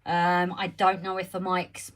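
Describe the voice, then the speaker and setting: A woman hosting a casual home live stream, chatty and greeting viewers by name, her voice slightly croaky as she recovers from being ill, talking into a phone on a holder. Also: lowish voice, completely flat delivery, unhurried, a bit bright, slight background noise. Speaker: livestream host.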